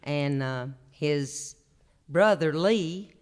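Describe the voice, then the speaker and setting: Appalachian guy in his 60s spinning folksy stories on stage, smooth kinda high voice, chuckles a lot. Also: very slow. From Appalachian North Carolina. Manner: drawling, homespun, chuckles through his stories. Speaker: traditional singer and storyteller. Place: opera house stage, live show.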